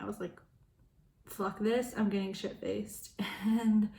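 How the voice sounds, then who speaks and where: A young woman telling a personal story in a casual vlog, frank and full of swearing, laughing between lines and acting out quoted voices in sudden loud high bursts. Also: roomy sound. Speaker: vlogger.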